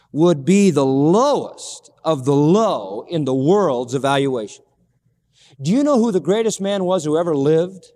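A man's voice: sits high, darkish tone, big-room sound. A man preaching a sermon emphatically, repeating key phrases and asking rhetorical questions.

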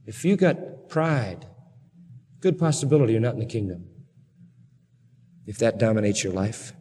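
A man preaching a sermon to a congregation, emphatic and building to excited peaks. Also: fairly low pitch, moderate pace, long reverb tail. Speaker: pastor.

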